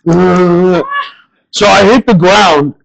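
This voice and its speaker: A man's voice: sits high, expressive, drawn-out words, creaky, poor audio. A young man doing a stand-up set, telling rambling, crude stories full of swearing. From northern United States. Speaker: stand-up comedian. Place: bar stage before a live audience.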